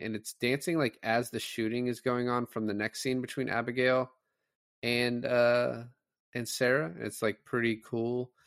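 A man's voice: medium pitch, no room sound, studio quality. A man co-hosting a podcast, chatting casually about a film, recapping scenes and laughing often. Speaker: podcast co-host. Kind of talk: casual movie discussion.

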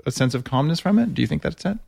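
A man's voice: a little high, vocal fry, no room sound. A man hosting a podcast, chatting enthusiastically with his guest in a casual interview. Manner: enthusiastic, chatty, quickens when animated. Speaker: podcast host.

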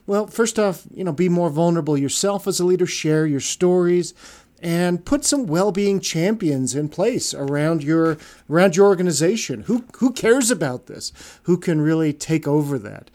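A man's voice: fairly high pitch, mellow. A man hosting a podcast in casual chat, rambling with many fillers. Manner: rambling, heavy on "you know" fillers. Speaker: podcast host.

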